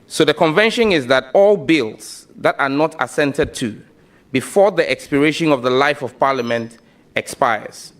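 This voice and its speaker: A man's voice: on the high side, normal speed. A man answering questions as a nominee before a parliamentary committee, speaking emphatically and declaratively. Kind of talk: formal testimony. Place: parliamentary committee hearing room.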